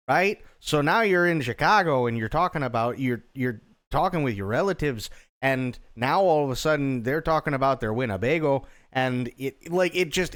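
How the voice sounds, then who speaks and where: A man's voice: fairly high pitch, fairly bright tone. A man livestreaming a game, chatting casually and rambling, with restarts and casual swearing.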